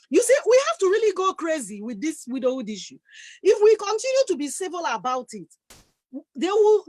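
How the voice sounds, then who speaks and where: A woman on a discussion panel, speaking forcefully and with passion from her own experience. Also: sits high, dry recording.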